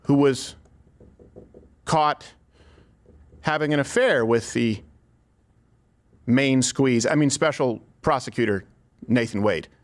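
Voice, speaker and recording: A man's voice: mid-range voice, slow pace, long pauses, a little hiss or hum. A man hosts a commentary segment in an emphatic, rhetorical voice. He speaks directly to his audience and presses each point home. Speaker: commentary host. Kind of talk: scripted political commentary.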